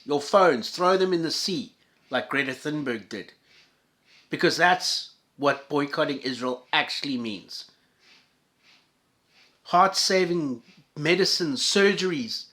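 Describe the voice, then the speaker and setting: Man, highish voice, angry profane rant, sarcastic asides, swings from shouting to muttering. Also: expressive, unhurried. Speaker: commentator reacting to videos. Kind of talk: profane ranting commentary.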